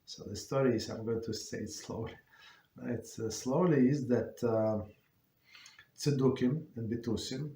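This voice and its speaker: Man teaching, halting, in an echoey room. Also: medium pitch, mellow. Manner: halting, many fillers and restarts. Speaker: rabbi teaching a class. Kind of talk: informal Torah class.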